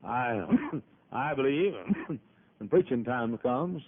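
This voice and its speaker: A man's voice: mid-range voice, slow. A male pastor preaching a sermon in a church auditorium, folksy and emphatic, with frequent coughs. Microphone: PA microphone. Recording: tinny phone-like lo-fi audio.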